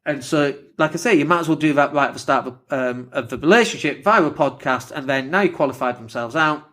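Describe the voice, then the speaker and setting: A man's voice: on the high side, a little fast, a bit bright. A man with a northern English accent and a slight lisp, hosting a casual solo podcast, blunt and swearing freely. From northern England. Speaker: podcast host.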